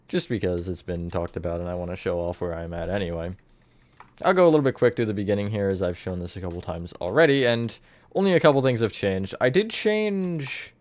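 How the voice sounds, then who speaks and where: A man chatting casually on a live stream as he builds in a game, thinking aloud and greeting viewers from the chat. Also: low-pitched.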